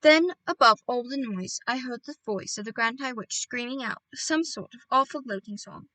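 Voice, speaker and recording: A woman reading a children's book aloud for her channel, dropping casual asides to her listeners between chapters. Her voice is high and bright, recorded close with a dry sound. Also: expressive, normal speed, hardly any pauses, dry recording, distant mic, low-quality recording. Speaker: audiobook reader.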